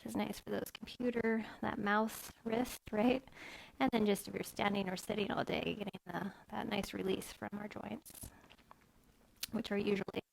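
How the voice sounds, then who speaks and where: A woman yoga instructor gently guiding a live-streamed class in a chatty, easygoing way. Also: mid-range voice, level tone, moderate pace, gravelly. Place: home room, phone camera set far off. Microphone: phone far across the room.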